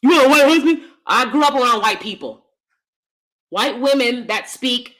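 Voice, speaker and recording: Hosting a casual stream, an American woman talks fairly quickly as she reads comments aloud, animated and blunt. Laughing asides pop up often, and her voice shifts back and forth between high and deep.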